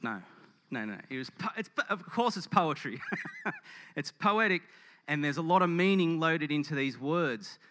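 A man's voice: fairly high pitch, expressive, moderate pace, pushed and bright. A man preaching a casual, joking sermon to a live audience, asking them questions and telling stories. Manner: chatty, joking, addresses the audience. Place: hall with audience.

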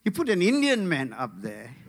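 Animated man preaching a humorous sermon. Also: fairly high pitch, normal speed. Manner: animated, rising to rhythmic preaching. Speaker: pastor.

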